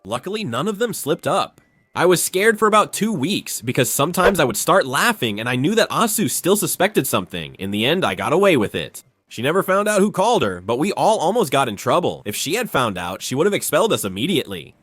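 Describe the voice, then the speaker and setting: A man with a fairly high, very lively voice tells a comic story and slips into quick voices for the people in it. The sound is dry and close, with soft music underneath. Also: no echo.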